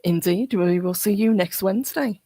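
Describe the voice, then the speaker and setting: A woman's voice: medium pitch, normal speed, dark tone. A woman with a British accent co-hosting a live show in easygoing, casual chat. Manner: easygoing, laughs often.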